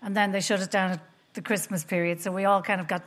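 A woman's voice: medium pitch, fairly even intonation, fast talker. A middle-aged Irish woman comedian chatting as a guest, telling wry stories and laughing through them. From Ireland. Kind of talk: casual chat with storytelling.

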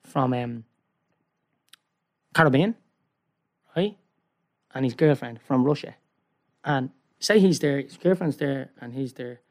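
A man telling a long, rambling story in casual chat, excitable and peppering his talk with "right?". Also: medium pitch, slow pace, long pauses. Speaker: guest.

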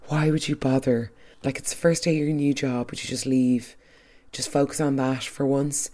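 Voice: mid-range voice, a little mellow. A speaker giving an opinionated, chatty recap of a soap episode, trailing off into asides.

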